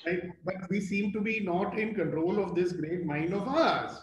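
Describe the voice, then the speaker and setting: A man's voice: high voice, moderate pace, dull audio. An older man with an Indian English accent gives a playful motivational talk to a live group, telling stories and asking the audience questions. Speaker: motivational speaker. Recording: echoey room with faint noise.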